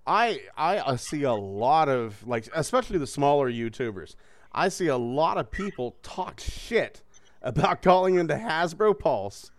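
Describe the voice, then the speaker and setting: A man's voice: on the high side, sing-song, measured pace, dry recording. A man hosting a casual podcast, joking, swearing and laughing often. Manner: profane, joking, laughs a lot. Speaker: host.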